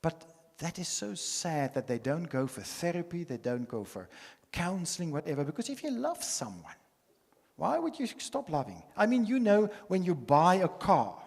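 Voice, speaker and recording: Man, psychologist, husky, lively sermon-like delivery, long hall reverb. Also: fairly high pitch, measured pace. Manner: animated, preachy, often saying "ladies and gentlemen". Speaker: psychologist speaker. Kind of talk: conference Q&A talk.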